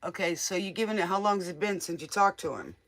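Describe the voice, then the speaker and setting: A woman's voice: on the low side, lively intonation, fast talker, a bit bright. A woman giving casual, motherly tarot readings to viewers on a live stream. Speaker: tarot reader.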